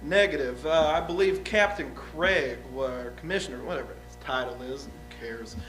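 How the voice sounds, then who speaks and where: A blunt young outlaw witness with no schooling rambles through his answers in a folksy, halting way, as a man plays him. His voice sits high and sounds bright and forward, with faint music underneath. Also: lightly acted. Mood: guarded. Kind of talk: improvised courtroom drama.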